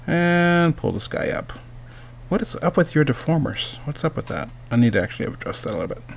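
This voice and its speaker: A man's voice: on the high side, very animated, fairly quick, vocal fry, a little hiss or hum. A man hosting a livestream, chatting casually as he works and then interviewing a guest, rambling and talking to himself. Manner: rambling, chatty, talks to himself while working. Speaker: host.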